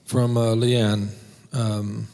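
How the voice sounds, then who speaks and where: A man reads a listener's question aloud, hesitant and full of small fillers. He speaks in a flat, even tone at a middle pitch. His voice echoes with a long hall reverb. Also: drawn-out words, gravelly. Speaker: question reader.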